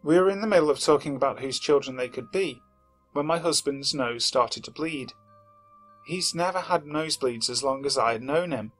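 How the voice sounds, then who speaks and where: A man reading a submitted first-person horror story aloud in a steady, measured narration that slows at the tense moments. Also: medium pitch. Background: faint background music.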